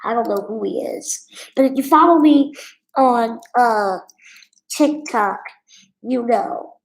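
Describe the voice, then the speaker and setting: A woman's voice: a little high, slow pace, roomy sound, rough recording. A woman streamer telling a story and reading viewer comments in a blunt, sassy, candid way. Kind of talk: casual livestream storytelling.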